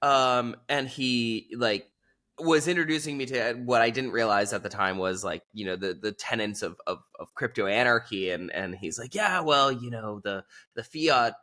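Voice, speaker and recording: Male interview guest, low-pitched and bright in tone, chatty and full of fillers. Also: normal speed. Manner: rambling and animated, heavy use of filler words. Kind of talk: casual conversational storytelling.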